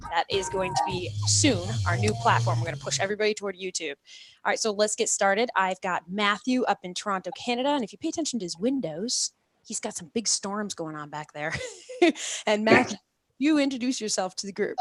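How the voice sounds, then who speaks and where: A woman's voice: medium pitch, animated, brisk, no echo, studio quality. A woman hosting a live-streamed talk show, upbeat and talkative as she explains things to her audience. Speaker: host of a live industry show.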